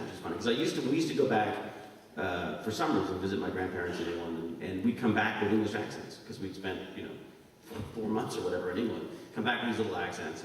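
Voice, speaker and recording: A man in his thirties from Canada, a convention guest answering fan questions on stage in a rambling, jokey way, laughing often. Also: fairly low pitch. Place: large convention hall. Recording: echoey hall recorded from far off with noise.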